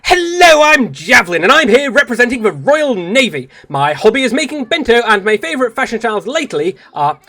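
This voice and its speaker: A British streamer voicing an eager, cheerful young girl who talks in a loud, perky, over-the-top British manner. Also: mid-range voice, big pitch swings, a little fast, few pauses, pitched above the performer's own voice, full character voice.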